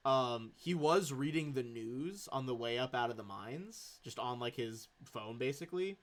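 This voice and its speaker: A man's voice: mid-range voice, lively intonation, normal speed. Chill guy running a tabletop game, loose narration, swears a lot, mid voice. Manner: loose, swears, lots of fillers. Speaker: game master.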